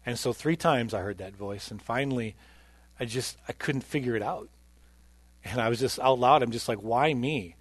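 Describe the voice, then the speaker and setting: At a moderate pace, a male pastor with a mid-range, slightly rough voice preaches and earnestly tells his personal testimony, alternating loud emphasis with quiet. There is no room sound.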